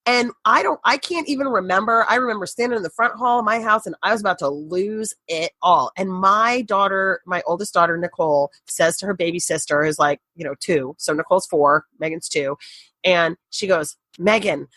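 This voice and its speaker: Candid, animated middle-aged woman telling a story. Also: fairly low pitch, a little fast, no echo. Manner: candid, animated, swears casually. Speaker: guest. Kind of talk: podcast interview storytelling.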